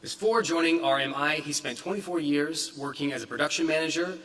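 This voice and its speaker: A male event host reads out a speaker's introduction, pausing on fillers and tripping over a phrase or two. He sounds far from the mic, with long reverb from a large hall. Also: on the high side, a bit bright. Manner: reads from notes with fillers and stumbles. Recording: distant, echoey hall.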